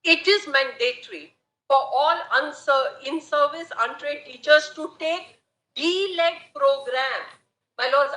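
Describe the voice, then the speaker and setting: A woman advocate argues formally before the bench, addressing it with set courtroom phrases. Her voice is high, bright and clear. It rings in a roomy courtroom. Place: large courtroom.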